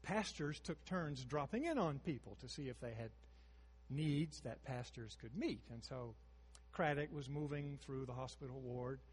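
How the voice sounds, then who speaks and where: A man in his sixties preaching a sermon, moving between hushed storytelling and emphatic rises. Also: mid-range voice, normal speed, husky, in a large hall.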